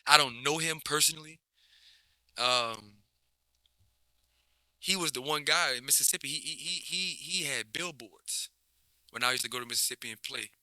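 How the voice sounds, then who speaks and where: New coach guy just chatting, bright edgy tone, keeps restarting, dry mic. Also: mid-range voice, moderate pace, long pauses, dry recording. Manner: relaxed, rambling, many restarts and slang. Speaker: basketball coach, guest. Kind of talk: casual interview chat.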